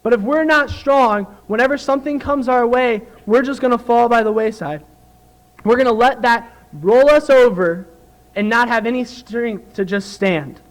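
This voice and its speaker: A young man preaches to his church in an earnest, conversational way, with a story along the way. His voice sits very high for a man. He talks plainly and directly to the congregation. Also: moderate pace, low-quality recording. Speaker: youth speaker at church. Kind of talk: sermon.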